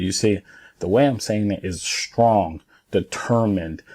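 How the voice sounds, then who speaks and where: A man's voice: lowish voice, slow pace, a little mellow. A man in his thirties, a former pro ballplayer, giving casual instructional talk to parents and kids in an earnest, emphatic way, repeating points for stress.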